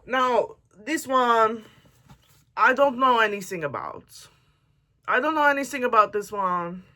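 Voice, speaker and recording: A woman's voice: fairly high pitch, expressive, unhurried, pushed and bright. A woman book vlogger chatting casually to camera, reading book blurbs aloud with jokey asides.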